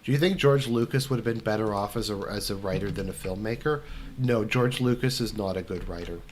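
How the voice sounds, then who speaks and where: This young man's lowish voice moves fairly quickly as he chats casually through viewer questions during a strategy game. His talk rambles with heavy fillers and restarts, and there's slight background noise.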